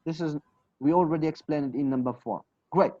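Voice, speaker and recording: A man's voice: fairly high pitch, fairly quick, mellow, no room sound. A man with a Kurdish accent teaching English pronunciation in an online class, patiently repeating example phrases. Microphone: video call. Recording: dull, dry video call audio.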